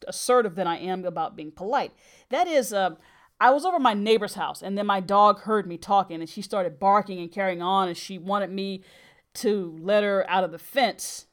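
A middle-aged woman hosts a podcast at a moderate pace and medium pitch. She tells a personal story earnestly and with emphasis, breaking into brief laughs now and then.

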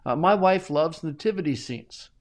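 A middle-aged man talking as a guest in a casual interview, animated and often chuckling, with frequent restarts. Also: a little high, moderate pace. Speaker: Bible translator guest.

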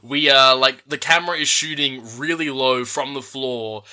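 A man's voice: mid-range voice, fairly even intonation, normal speed, pushed and bright. A man co-hosting a casual film review podcast, rambling through the plot with lots of fillers. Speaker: podcast co-host.

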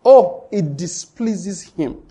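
A Nigerian man preaching in church, his voice husky and pitched a little high. He drives each point home by repeating it and speaks straight to the congregation. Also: expressive, takes it slowly, dark tone. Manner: emphatic, repetitive preaching that addresses the congregation directly. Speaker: pastor. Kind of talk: sermon.

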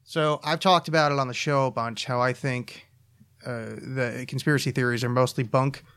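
A man's voice: medium pitch, fairly even intonation, normal speed, a bit bright, smooth. A man hosting a solo podcast, ranting casually with profanity, restarts and repeated words. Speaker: podcast host.

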